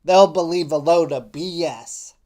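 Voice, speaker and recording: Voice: mid-range voice, unhurried, mellow, natural voice. A live streamer voicing a sappy young man texting his lover, in a sarcastic, syrupy mocking tone.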